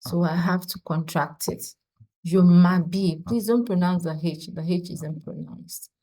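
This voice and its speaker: A woman's voice: on the low side, normal speed, darkish tone, low-quality recording. A woman teaching a French lesson, explaining patiently and repeating each conjugation aloud. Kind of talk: casual spoken lesson.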